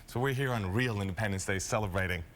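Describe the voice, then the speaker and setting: A man who is a guest historian on a live morning TV show, playful and laughing often as he slowly reads out old rules. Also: fairly low pitch, a bit bright, slight background noise. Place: TV studio.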